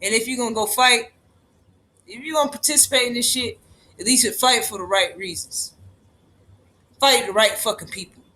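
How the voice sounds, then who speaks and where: Man livestreaming, very high and bright voice, cursing and hammering his points home. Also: moderate pace, pauses often. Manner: profane, emphatic, repeating lines for force. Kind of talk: impassioned livestream rant.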